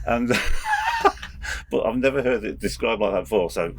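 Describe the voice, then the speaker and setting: A middle-aged man telling stories as a podcast guest, speaking haltingly with many restarts and chuckles. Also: fairly low pitch, huge pitch swings, a little hiss or hum. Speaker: guest, race official and former soldier. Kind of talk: anecdotal storytelling.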